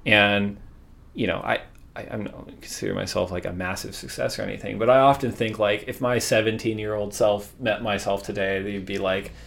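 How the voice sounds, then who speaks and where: A man's voice: on the low side, fairly even intonation, fairly quick, creaky, fairly bright tone. A middle-aged man from Southern California, a surf league executive chatting on a podcast, rambling with many fillers and restarts. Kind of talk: casual podcast chat.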